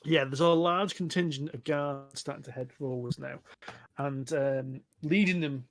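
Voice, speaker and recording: A man with a slightly higher voice narrates a tabletop game as its master. His delivery is relaxed and halting, full of small fillers, as if thinking on the fly over a voice call.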